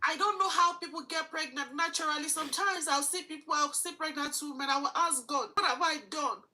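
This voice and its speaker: Woman, forties, interview guest, high voice, earnest, halting. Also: bright, forceful tone, a little hiss or hum, low-quality recording. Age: 40s. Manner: earnest, halting, repeats phrases. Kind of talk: emotional personal testimony.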